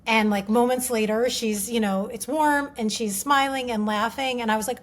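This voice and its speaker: Sex: woman. Role: parenting coach guest. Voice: raised pitch. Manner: earnest, reflective. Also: steady tone, moderate pace. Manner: earnest, reflective, storytelling with many "like" fillers. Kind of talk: casual interview chat.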